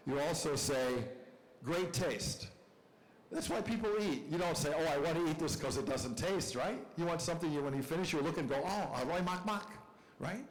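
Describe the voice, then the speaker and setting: A man's voice: fairly high pitch, poor audio. An older man giving a university lecture in a chatty, joking way, often asking the audience questions. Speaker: visiting professor lecturing.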